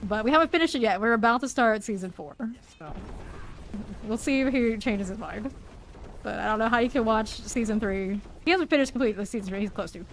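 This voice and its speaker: A woman's voice: on the high side, expressive, a little fast, a little hiss or hum, rough recording. A woman game streamer chatting casually and playfully while she plays, laughing often and exclaiming. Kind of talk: casual chat while live gaming.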